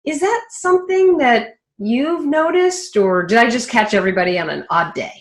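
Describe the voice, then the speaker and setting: A woman hosting an interview, asking follow-up questions in a lively, easily amused way. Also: a little high, moderate pace, roomy sound. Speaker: host. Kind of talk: conversational interview.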